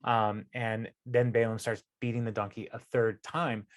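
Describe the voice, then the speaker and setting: A man's voice: mid-range voice, little pitch movement, measured pace. A man giving a casual Bible study talk, first reading a passage aloud and then explaining it in a chatty way with many fillers and restarts. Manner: conversational, many fillers and restarts, laughs at the story. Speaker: Bible teacher.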